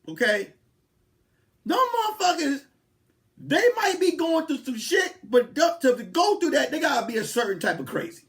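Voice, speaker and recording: A man speaking with hosts a podcast as a comedian, riffing through a loud, repetitive, profane bit. His pitch jumps and swoops constantly as he builds each joke. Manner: animated, repetitive, profane storytelling. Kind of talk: comedic rant.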